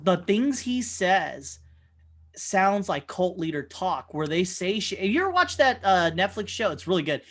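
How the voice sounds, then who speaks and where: A man in casual podcast chat, telling long wandering stories full of swearing. He keeps acting out other people's lines in quick voices of his own. His pitch rises and falls a lot as he talks. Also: big pitch swings, a bit bright. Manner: rambling, profane storyteller who acts out quotes. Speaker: podcast co-host. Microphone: remote call mic.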